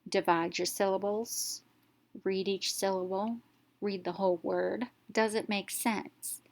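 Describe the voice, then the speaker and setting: A woman teacher narrating a reading lesson, explaining step by step and sounding out letters clearly. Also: medium pitch, steady tone, a little slow.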